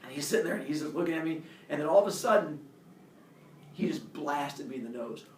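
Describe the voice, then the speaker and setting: Lively man telling a story in an echoey room. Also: on the high side, fast, slight background noise. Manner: animated, laughing, acts out quotes. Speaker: speaker telling a childhood story. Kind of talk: personal storytelling talk. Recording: roomy, distant camera audio.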